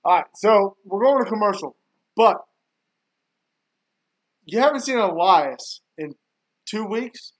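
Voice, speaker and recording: A man with a high, light voice hosts a live watch-along stream. His talk is casual and loose. He airs strong opinions and grumbles freely about what is happening on screen. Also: animated, slow, pauses often. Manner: opinionated, griping about the booking.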